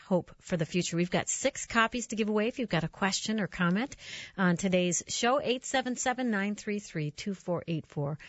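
A woman's voice: on the low side, no echo, highs cut off. A woman hosting a faith radio talk show, introducing her guest and reading out call-in details.

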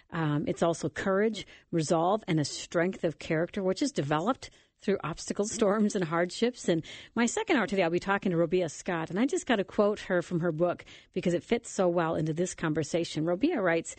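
Husky-voiced woman radio host. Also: on the low side, darkish tone, no room sound. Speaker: radio talk show host. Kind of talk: Christian talk radio hosting.

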